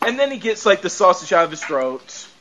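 Podcast host, male, high and bright-voiced, animated, laughs a lot, swears freely. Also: a little fast, dull audio. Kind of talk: casual chat recapping a show.

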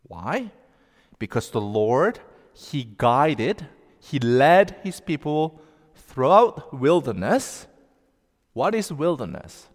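A male pastor preaching a sermon, slow and deliberate, with emphatic rising outbursts. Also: mid-range voice, sing-song. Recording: long reverb of a large hall.

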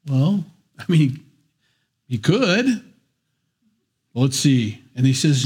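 A man's voice: medium pitch, lively intonation, takes it slowly, pauses often, a little mellow, breathy edge. A man preaching a sermon, reading scripture and breaking off for casual, joking asides. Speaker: pastor.

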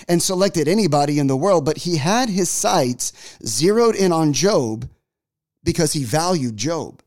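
Male pastor, 40s, conversational sermon voice pitched a touch high, rambling storyteller. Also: darkish tone. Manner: chatty storytelling with many restarts.

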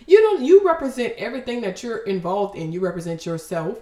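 A woman's voice: medium pitch, a little fast, hardly any pauses, warm tone. Fervent woman preaching in a roomy space. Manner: fervent, preachy, breaks off with exclamations. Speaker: podcast host giving a devotional. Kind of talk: emotional devotional talk.

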